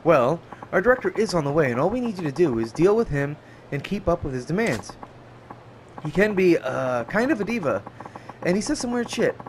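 A man's voice: on the high side, very animated, fairly quick, a little hiss or hum. A man reading game subtitles aloud, voicing a chatty young male TV assistant in a casual, reassuring way. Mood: breezy.

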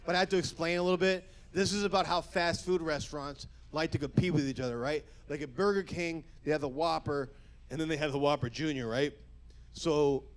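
A male stand-up comic performs a set for a live crowd, his voice slightly high, his delivery energetic and profane, and he slips into quick character voices along the way.

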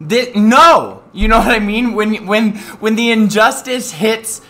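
A man streaming live, telling an angry story in a profane, animated rant with sudden loud outbursts and self-mocking asides. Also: high-pitched, unhurried.

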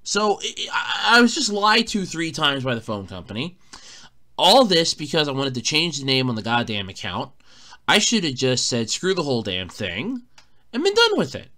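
A man's voice: a little high, huge pitch swings, normal speed, bright, forceful tone. A man hosting a casual solo podcast, telling an exasperated, swearing story, recorded in a borrowed room at a fire company. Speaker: podcast host.

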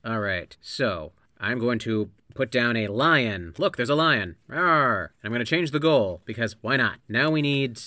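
A man's voice: medium pitch, animated, moderate pace, few pauses, sharp tone, no room sound, clean studio sound. A man co-hosting a casual podcast, reading out odd card names with playful disbelief while playing a card game. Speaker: podcast co-host. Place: living room blanket fort.

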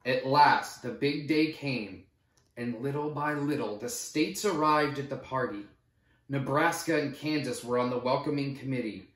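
A man reading a children's picture book aloud in an animated storytelling manner. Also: mid-range voice, unhurried. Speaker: storybook reader. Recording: roomy echo.

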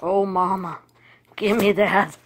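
A woman voicing her small pet dog, pleading for treats in a low, drawn-out voice. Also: steady tone.

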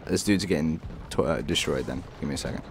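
A young man casually commentating his own tank gameplay, excitable and profane, often jumping into loud outbursts. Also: rumbling low, fast, creaky. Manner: excitable, profane, bursts into shouts. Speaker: gaming channel host. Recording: faint game noise behind. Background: game artillery and battle noise.

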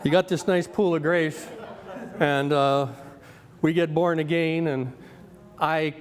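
Chatty fifty-something preacher with a higher voice. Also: male voice, steady tone, slow, long reverb tail. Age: 50s. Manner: conversational, anecdotal, with many restarts. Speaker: guest preacher. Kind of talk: sermon.

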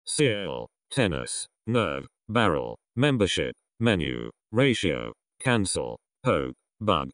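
A man reads out a vocabulary list in a deliberate, word-by-word delivery. His voice sits very low yet swings widely in pitch from word to word. The sound is dry and close, with no room around it. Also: very animated, fairly bright tone, no room sound. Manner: deliberate, one word at a time with pauses. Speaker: vocabulary reader. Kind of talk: reading a word list aloud.

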